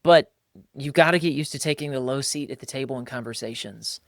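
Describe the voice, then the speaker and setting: Animated man in dry, close podcast sound. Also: mid-range voice, brisk, dry recording. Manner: animated, mimics other people's voices when quoting them; colloquial, calls listeners "bro". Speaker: podcast co-host. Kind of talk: casual conversational podcast.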